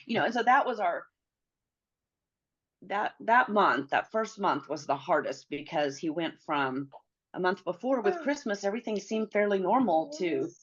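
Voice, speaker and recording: A woman's voice: mid-range voice, lively intonation, normal speed, slightly rough, highs cut off. A middle-aged woman, a guest in an interview, earnestly telling a personal story and acting out the dialogue she quotes.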